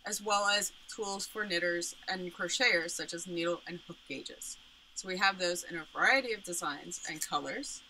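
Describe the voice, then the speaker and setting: A woman's voice: fairly low pitch, sharp tone, slight background noise, low-quality recording. A woman who runs a yarn business, presenting her products and explaining each one, with frequent ums. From Pittsburgh area. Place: home studio, indoors.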